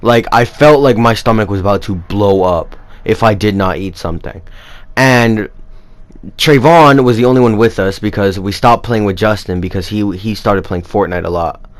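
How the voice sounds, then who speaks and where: A man's voice: on the low side, moderate pace. A young man telling a personal story in a casual, rambling way, with lots of fillers. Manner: rambling, animated retelling with many fillers. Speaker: vlogger.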